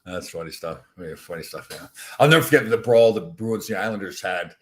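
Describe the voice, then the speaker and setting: An older man in his sixties tells hockey stories at a quick clip, his voice sitting a little low. He rambles from one memory to the next and laughs through them, in an easy, casual chat. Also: expressive, a bit bright. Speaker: podcast host, former hockey player.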